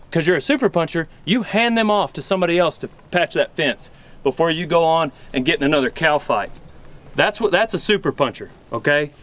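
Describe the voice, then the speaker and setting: A man with a drawl giving a mock-serious, deadpan comedic talk as a cowboy vlogger. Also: fairly high pitch.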